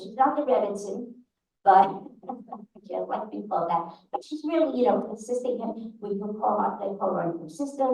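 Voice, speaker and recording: A woman with a New York accent presenting at a congregation's annual meeting, chatty and halting, often restarting her sentences. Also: mid-range voice, vocal fry, mellow, recorded from a distance. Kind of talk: informal meeting remarks. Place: synagogue meeting hall. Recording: very echoey hall, voice away from the mic.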